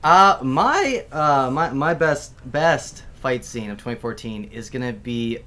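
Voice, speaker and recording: A man's voice: medium pitch, lively intonation, a little slow, bright, forceful tone. A man arguing his pick on a casual panel, rambling and repeating phrases as he builds his case.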